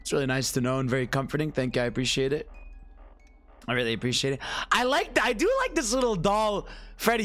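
Loud swearing young man streaming a game. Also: a little high. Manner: loud, swearing, screaming and laughing at jump scares. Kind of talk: live gameplay commentary.

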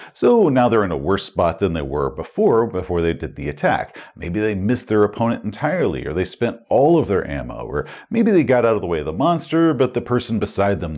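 Male reviewer, low voice with a lively, varied delivery, relaxed explainer of game rules. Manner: conversational, explaining with asides and fillers.

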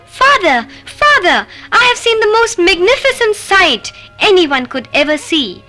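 A woman's voice: very high voice, animated, moderate pace, bright, forceful tone, soft background music, pitched above the performer's own voice, exaggerated voice. A woman voicing a spoilt, proud young princess who speaks in a petulant, dramatic way in a storybook tale. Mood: excited demanding.

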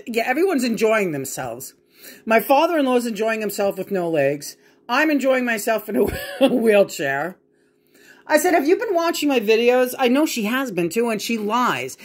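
A woman's voice: on the high side, big pitch swings, moderate pace. Frustrated, swearing woman venting at home. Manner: frustrated, profane, rambling with restarts. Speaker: vlogger. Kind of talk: venting home video chat.

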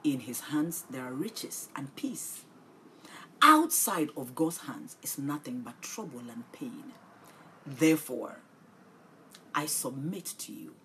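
Softly pleading woman preacher. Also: a bass voice, a little hiss or hum. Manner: drops into soft breathy whispers for emphasis; repeats short phrases, pleading and tender. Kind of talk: livestream sermon and prayer.

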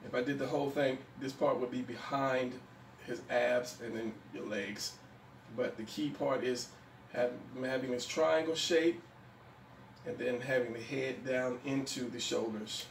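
A man's voice: mid-range voice, measured pace, gravelly. Man talking through a drawing tutorial. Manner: relaxed, thinks aloud while drawing, frequent fillers. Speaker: drawing instructor. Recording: echoey room, mic at a distance, faint background noise.

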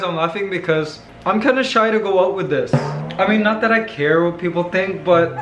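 A man vlogging casually, playful and laughing often, cooing softly to his pet bird at home. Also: high-pitched. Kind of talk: casual vlog chat. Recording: roomy echo with music behind.

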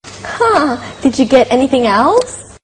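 A woman reading a scripted English lesson dialogue, asking clearly spoken, animated questions. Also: high-pitched, slow pace, slight background noise, low-quality recording.

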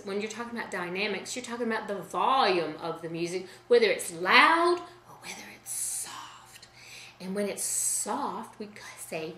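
A woman music teacher leading a children's sing-along lesson in a gentle, chatty way, often stopping to correct herself. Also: medium pitch, roomy sound, a little hiss or hum.

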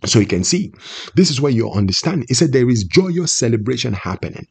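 A man's voice: medium pitch, sing-song, normal speed, creaky, a little mellow, breathy edge. A preacher giving a prophetic sermon, emphatic and repetitive, often asking his listeners questions. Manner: emphatic, repeats phrases and asks the listeners questions.

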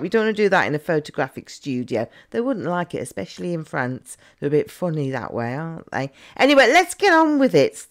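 A woman runs a casual reaction vlog. Her talk is cheeky and chatty, full of teasing asides, and her pitch swings widely up and down as she goes. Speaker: reaction vlogger.

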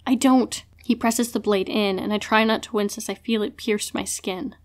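A woman narrating a first-person fantasy audiobook in an expressive way. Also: mid-range voice, moderate pace.

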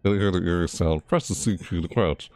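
A man casually commenting on his horror game playthrough, jumpy and excitable, talking to viewers and reading game prompts aloud. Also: deep voice, a little fast, dry recording. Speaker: gameplay streamer.

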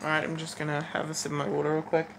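A teenage girl reads a fanfic aloud in a low-pitched, gravelly voice with a completely flat delivery. She reads haltingly and casually, with stumbles, restarts, and dry asides between passages, and faint background noise can be heard.

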